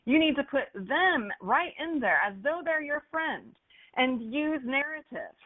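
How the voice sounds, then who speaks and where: A woman with a fairly high voice teaches in an upbeat, animated way. She acts out playful examples as she explains. The sound is thin and narrow, like it came down a phone line. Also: a little slow. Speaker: marketing instructor for golf courses. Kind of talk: webinar lesson on copywriting.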